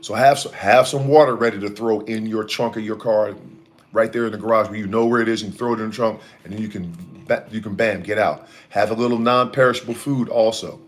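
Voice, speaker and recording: A man's voice: lowish voice, steady tone, a little fast. A middle-aged man hosting a casual home chat about healthy eating, his throat irritated and coughing now and then. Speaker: host.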